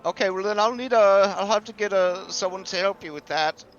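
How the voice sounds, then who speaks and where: A man's voice: high voice, a little fast, highs cut off, soft background music, pitched above the performer's own voice. A man voicing a nervous, flustered bank teller who stammers and hesitates.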